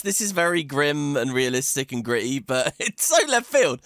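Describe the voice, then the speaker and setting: A man's voice: a little high, big pitch swings, brisk, few pauses, sharp tone, dry recording, studio quality. A man hosting a video game playthrough, chatting away and thinking aloud as he plays, laughing often. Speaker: let's play host.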